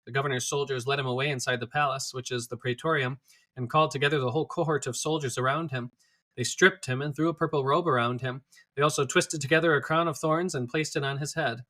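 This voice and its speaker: A man reading scripture aloud in a steady, clear manner. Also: medium pitch, quick pace. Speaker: scripture reader.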